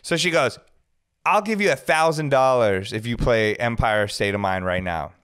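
A man telling stories on a casual podcast, animated, acting out the people in them and swearing freely. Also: mid-range voice, normal speed, clean tone. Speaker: guest DJ.

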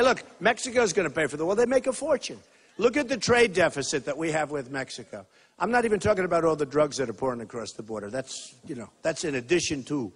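An older man giving a campaign rally speech, repeating himself and swinging between loud shouts and low asides. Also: husky. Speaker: political candidate at a rally. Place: school gym hall with a crowd.

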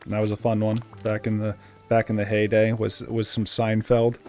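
A young man with a Boston accent, rambling casually as he hosts a game let's play and bursting into excitement now and then. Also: lowish voice, normal speed. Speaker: gaming channel host.

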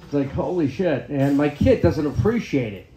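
A man's voice: fairly high pitch, animated, moderate pace, dark tone. A man in his fifties performing a crude, self-deprecating stand-up set in a comedy club, often tagging his lines with "right?". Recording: echoey comedy club room.

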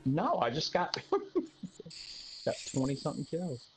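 A man's voice: a little high, wildly swooping pitch, slow, soft background music, rough recording. Swearing, laughing young gamer man. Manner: laughing, swearing, retelling cartoon scenes. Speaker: streamer. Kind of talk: casual chat while gaming.

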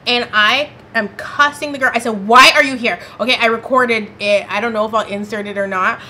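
A woman vlogger telling a personal story in a lively, dramatic storytime style, with casual slang. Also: a little high, fairly quick, a little hiss or hum. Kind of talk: storytime vlog.

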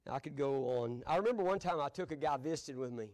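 A man's voice: mid-range voice, lively intonation, fast, a little mellow. An older man, a pastor telling folksy stories from the pulpit, chuckling as he goes. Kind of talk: storytelling sermon. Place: church sanctuary.

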